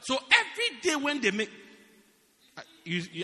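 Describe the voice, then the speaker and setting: A man preaching a humorous sermon, acting out stories and shouting the punchlines. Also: high-pitched, brisk, big-room sound, a faint crowd. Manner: animated storytelling, laughing and shouting punchlines. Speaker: pastor.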